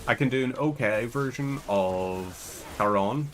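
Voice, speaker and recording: A man's voice: mid-range voice, a little slow. A man with a Northern Irish accent giving casual, rambling gameplay commentary as a channel host. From Northern Ireland. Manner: chatty, rambling digressions.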